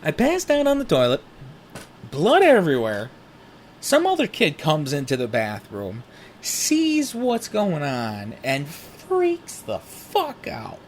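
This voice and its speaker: A man's voice: fairly high pitch, slow pace, slight background noise. A young man telling a personal story in a candid, profane, casual way. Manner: candid, profane, animated retelling. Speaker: podcast host.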